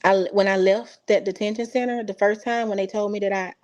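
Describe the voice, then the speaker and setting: A woman's voice: medium pitch, steady tone, a little fast, a little mellow, lo-fi sound. A woman, a mother from Texas, telling a personal story in casual speech and acting out the quoted dialogue with feeling. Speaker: interview guest. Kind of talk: casual recounting.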